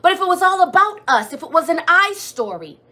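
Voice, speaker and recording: High-voiced woman preaching fervently. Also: sing-song, brisk, pushed and bright. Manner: fervent, repetitive preaching with rhetorical questions. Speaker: preacher leading prayer. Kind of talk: sermon. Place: church or streamed prayer service.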